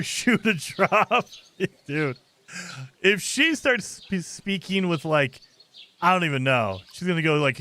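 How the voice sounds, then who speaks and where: Male let's-play host, casual and exasperated, slightly high pitch. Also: pushed and bright. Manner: exasperated, laughs often, talks over the game. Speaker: gaming channel host.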